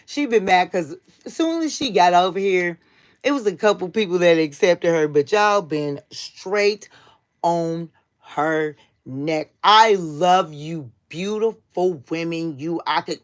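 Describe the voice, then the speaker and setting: An American woman with a somewhat low voice hosts a casual livestream. She speaks straight to her viewers in a chatty way. Her talk is blunt, heated and full of swearing. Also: animated, unhurried. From United States. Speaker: livestream host.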